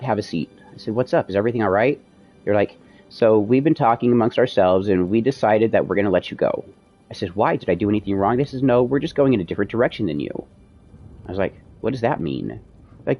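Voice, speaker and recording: A man's voice: fairly low pitch, highs cut off. A man streaming, casually telling a long personal story, acting out the dialogue with plenty of swearing. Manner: animated, profane retelling with quoted dialogue.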